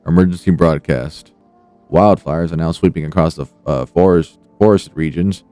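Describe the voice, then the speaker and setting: Man reading as news broadcaster, deep voice, brisk, faint music. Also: warm tone, smooth, no room sound, close to an everyday voice. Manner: brisk read-aloud news delivery. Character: adult male emergency news broadcaster.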